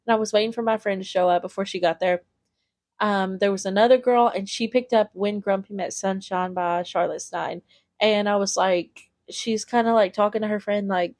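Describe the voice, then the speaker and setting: A woman's voice: medium pitch, steady tone, normal speed, no room sound, studio quality. A young woman hosting a podcast, telling rambling everyday stories in a casual chatty way, full of "like" and "literally". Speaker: podcast host. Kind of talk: casual storytelling monologue.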